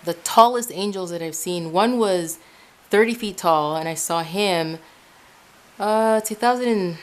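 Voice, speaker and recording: A woman from Ecuador telling her own spiritual testimony in a casual, animated way. She speaks straight to her listeners as "guys", often restarting and repeating herself, recorded at home in her room. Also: on the low side. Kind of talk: casual spoken personal testimony.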